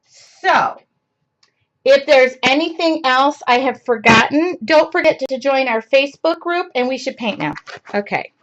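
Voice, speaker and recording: A chatty woman with a fairly high voice hosts a casual live-streamed painting lesson. She rambles, greets viewers by name and talks to herself as she works. The sound is dull and lo-fi, like a streaming computer mic. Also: fairly bright tone, a little hiss or hum. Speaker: art class host.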